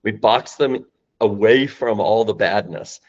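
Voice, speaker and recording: A man's voice: fairly low pitch, unhurried, lo-fi sound. A man explaining sales calls on a podcast, emphatic and acting out phone lines. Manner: emphatic, acts out phone lines, rising and falling voice. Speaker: guest, sales company founder.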